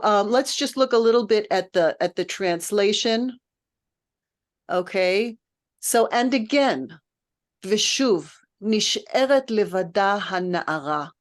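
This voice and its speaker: A woman music director leading a text study, lecturing informally in a thoughtful, patient way while she searches for her words. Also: mid-range voice.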